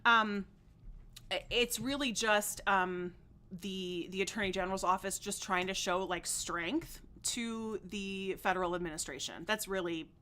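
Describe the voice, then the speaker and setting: Bright-voiced Midwestern woman streaming casually. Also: mid-range voice, measured pace. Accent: Upper Midwest, Chicago region. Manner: chatty, reads viewer comments aloud, many fillers. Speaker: livestream host. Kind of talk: casual livestream chat about politics.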